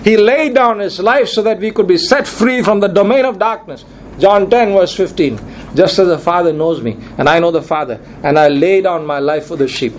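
A man delivers a sermon from the pulpit of a church, his voice sitting a little higher than most men's. He drives his points home with emphatic repetition. A faint hiss runs underneath the recording. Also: normal speed, low-quality recording. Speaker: pastor.

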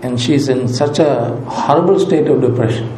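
Mellow man preaching in a roomy hall. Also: mid-range voice, moderate pace, a little hiss or hum. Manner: emphatic, repeats key phrases for weight. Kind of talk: sermon.

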